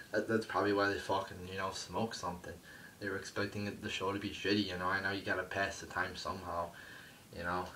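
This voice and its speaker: A man's voice: low-pitched, pushed and bright, distant mic, slight background noise, rough recording. A young man giving a profane, rambling review of a wrestling show, full of fillers and curses. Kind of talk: casual ranting review.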